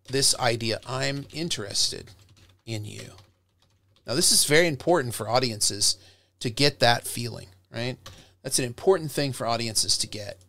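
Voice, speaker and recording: A middle-aged man, a professor, giving an animated, direct lecture on public speaking to his students, recorded close to a webcam mic. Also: medium pitch. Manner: animated, direct, demonstrates tones by acting them out.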